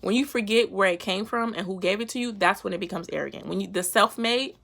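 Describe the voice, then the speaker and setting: A woman hosting her own faith vlog, her voice bright with a gravelly edge. She talks in a lively, playful, slangy way and laughs often as she breaks down a Bible verse in a relaxed devotional chat. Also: mid-range voice, quick pace. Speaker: faith vlogger. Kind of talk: casual devotional talk.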